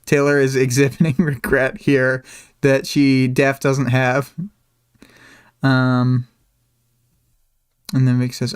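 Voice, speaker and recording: A host talking through a chapter on a weekly livestream, rambling and hesitant. The voice is smooth and clear, at an average pitch. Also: slow pace, pauses often. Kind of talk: casual chapter discussion.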